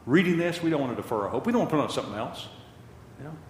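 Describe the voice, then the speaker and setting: A man's voice: fairly high pitch, lively intonation, very fast, a little hiss or hum. Older male preacher in an echoey hall. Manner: impassioned, repeats phrases for emphasis. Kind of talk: sermon. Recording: echoey hall with long reverb.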